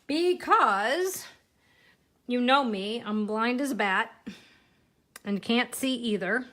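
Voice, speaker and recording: A middle-aged woman talks through a stamping project in a relaxed, rambling way, joking about herself as she works. Her voice sits a little high and stays conversational, like a home craft room livestream. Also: takes it slowly. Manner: chatty, self-deprecating, talks while working. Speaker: card-making instructor. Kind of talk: casual live crafting demo.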